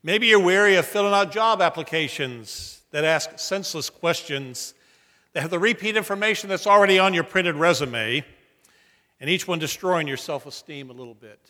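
A middle-aged male pastor preaches with a high, bright voice, earnest and shifting between hushed and emphatic lines. His words ring out in a church sanctuary with a long, trailing reverb. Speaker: senior pastor. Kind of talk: sermon.

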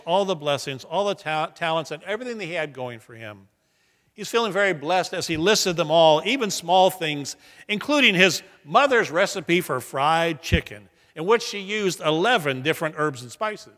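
A man's voice: fairly high pitch, big pitch swings, normal speed, fairly bright tone, long reverb tail. A man preaching a sermon, telling stories earnestly and building emphatic repeated lines. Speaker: pastor.

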